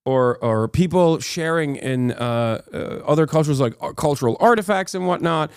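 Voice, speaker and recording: A man's voice: on the high side, lively intonation, clear, resonant tone, no echo, clean studio sound. Combative, profane man ranting. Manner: fast, with many fillers and self-cut swear words. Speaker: streamer and political commentator. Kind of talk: casual livestream reaction commentary.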